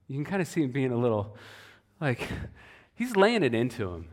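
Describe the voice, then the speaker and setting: A man preaching a sermon as pastor, conversational and animated, often repeating words as he goes. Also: medium pitch, moderate pace, pauses often. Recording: long hall reverb.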